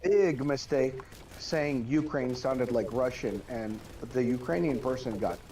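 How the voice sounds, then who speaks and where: A man's voice: mid-range voice, unhurried, mellow, a little hiss or hum, low-quality recording. A man chatting casually on a game stream, rambling with frequent stammered restarts. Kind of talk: casual chat over a stream.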